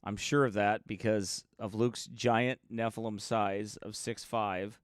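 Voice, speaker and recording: A man's voice: on the low side, flat delivery, takes it slowly, clean tone, no echo, clean studio sound. A man, a pastor from the United States, chatting casually and joking with livestream viewers before his sermon. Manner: chatty, joking, reads viewer names aloud.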